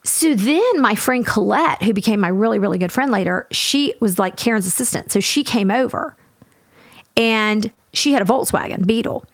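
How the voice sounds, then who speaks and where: A woman co-hosting a podcast, telling a story in a lively casual way and acting out what everyone said. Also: medium pitch, no room sound. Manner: animated, fast, acts out everyone's lines. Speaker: podcast co-host.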